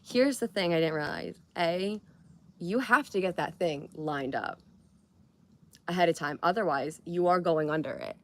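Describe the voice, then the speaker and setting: A woman's voice: fairly low pitch, moderate pace. A young woman chatting casually on a live stream, rambling, giggling and swearing now and then.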